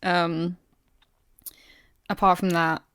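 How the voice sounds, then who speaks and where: A woman's voice: fairly low pitch, little pitch movement, drawn-out words, fairly bright tone, clear, resonant tone, dry recording, studio quality. A woman, co-hosting a podcast in casual chat, giggly and self-deprecating. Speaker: podcast co-host.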